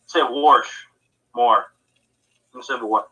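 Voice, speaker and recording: A man's voice: fairly high pitch, expressive, normal speed, bright, forceful tone, low-quality recording. A man co-hosting a podcast in casual chat, rambling and laughing easily. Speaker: podcast co-host.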